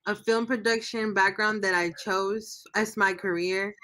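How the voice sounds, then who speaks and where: A woman's voice: mid-range voice, fairly even intonation, a little slow, sharp tone. A woman guest in a casual livestream interview, talking in an emotional, rambling way as she searches for words.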